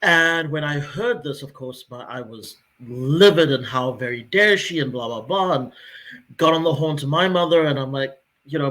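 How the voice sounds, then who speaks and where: A man in his forties chatting on a podcast, his voice sitting a little high for a man. He tells stories with energy and slips into the voices of the people he quotes. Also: moderate pace. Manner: animated storyteller who acts out quoted dialogue. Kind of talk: casual podcast chat, personal storytelling.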